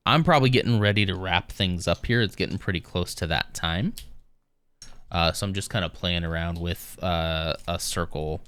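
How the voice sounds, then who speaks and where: A man's voice: deep voice, moderate pace, a bit bright, smooth. A man streaming live, chatting casually with viewers in a rambling, easygoing way with lots of fillers.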